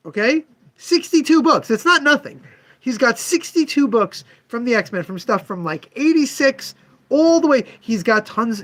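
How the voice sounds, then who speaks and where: A man with a fairly high voice tells a story from his comic shop in loose, chatty storytelling. His pitch swings widely as he acts out both sides of a haggle with a customer. He speaks straight to viewers he knows. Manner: animated, acts out customer dialogue.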